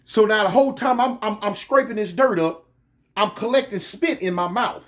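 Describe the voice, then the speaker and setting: A man casually telling a comic story from his own life, animated and full of street slang. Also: high-pitched. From California. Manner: animated, slangy, drawn-out pauses.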